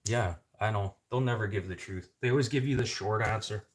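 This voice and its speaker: A man's voice: lowish voice, brisk. A middle-aged man from Canada in a casual ranting monologue, blunt and swearing, rising to sudden outbursts. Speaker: vlogger.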